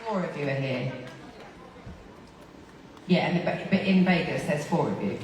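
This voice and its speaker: A woman's voice: deep voice, animated, a little slow. A British woman bantering on stage with a concert audience, joking and laughing at herself. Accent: British English. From Britain. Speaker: singer addressing a concert audience. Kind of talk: casual stage banter with the crowd. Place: large live concert venue. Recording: echoey live venue, distant mic, loud crowd noise.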